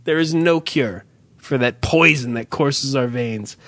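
A man co-hosting a podcast in casual, profane banter, rambling and animated as he tells stories. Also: medium pitch, measured pace, no room sound. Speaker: podcast co-host.

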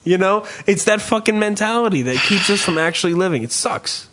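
A man hosting a podcast in casual chat, rambling and swearing freely while riffing with dark humor. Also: sits high, expressive, brisk. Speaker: podcast host.

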